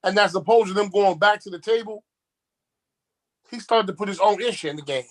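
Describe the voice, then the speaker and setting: A man chats casually. His voice sits high, and he tells streetwise stories, often repeating words as he gets going. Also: fairly quick, rough recording. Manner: streetwise storyteller, repeats words when starting. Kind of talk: casual chat.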